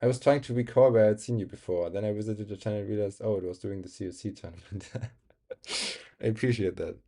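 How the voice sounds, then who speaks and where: German-accented guy streamer, low mellow voice, laughs a lot while reading chat. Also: fairly even intonation, fast. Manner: chatty, reads chat aloud, laughs often. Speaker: game streamer.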